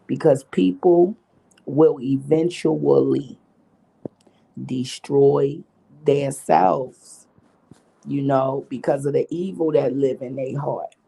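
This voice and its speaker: Gravelly, profane middle-aged woman vlogger. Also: extremely low pitch, mellow. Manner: profane, emphatic, preachy. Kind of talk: candid storytelling monologue.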